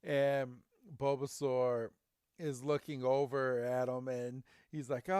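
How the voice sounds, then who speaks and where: A man's voice: medium pitch, measured pace, clear, resonant tone, dry recording, clean studio sound. A man co-hosting a podcast, casually recapping a cartoon episode and animatedly acting out the characters' lines. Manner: animated retelling with silly quoted voices. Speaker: podcast co-host.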